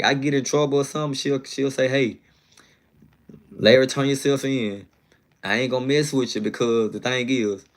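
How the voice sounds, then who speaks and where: A man's voice: on the low side, fairly bright tone. A man telling a long personal story in a casual, slangy, rambling way, often checking in with his listener. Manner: slangy, rambling, fond of "you know what I'm saying".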